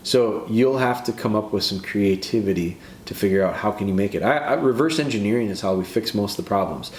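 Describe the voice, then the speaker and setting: A man with a lowish voice talks through dog training like a casual podcast host, earnest and given to restarting his sentences. He sounds like he is in an echoey room, with a faint hiss of noise behind him. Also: a little fast. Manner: earnest, repeats and restarts phrases.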